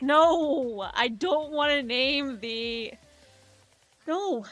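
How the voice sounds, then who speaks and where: A woman's voice: a little high, steady tone, a little slow, a bit bright, faint music behind. A young woman streaming live as she draws, telling long rambling stories full of "like" and "um" in casual chat. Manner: rambling storytelling, lots of "like" and "um".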